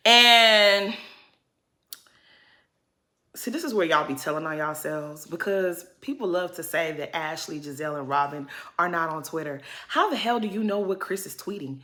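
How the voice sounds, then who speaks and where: A woman's voice: on the low side, animated, normal speed, pushed and bright. A woman giving a casual, blunt and sassy recap of a reality show, with plenty of cursing.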